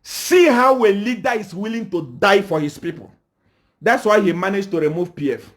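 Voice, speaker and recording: High-pitched zambian guy ranting live, keeps asking "eh?", lectures everyone. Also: lively intonation, moderate pace, a bit bright. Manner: scolding, rhetorical questions, repeated "Eh?". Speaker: political commentator. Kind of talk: livestream rant.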